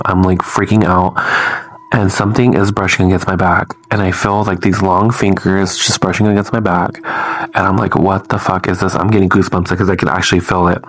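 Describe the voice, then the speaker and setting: Low flat-voiced man telling a scary story. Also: moderate pace. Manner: loose, swears, lots of "like" fillers.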